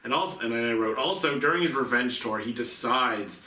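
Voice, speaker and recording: A man's voice: mid-range voice, expressive, a little fast, sharp tone. A man co-hosting a movie podcast, chatting casually about films in a rambling way full of fillers. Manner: rambling, filler-heavy, restarts often. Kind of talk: casual film review chat. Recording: echoey room, mic at a distance.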